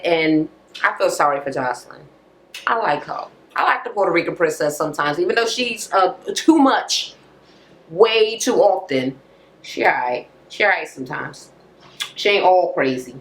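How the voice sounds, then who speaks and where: A woman's voice: fairly low pitch, rough recording. A woman vlogger recapping a reality TV episode in casual, blunt, profane talk, full of fillers and asides.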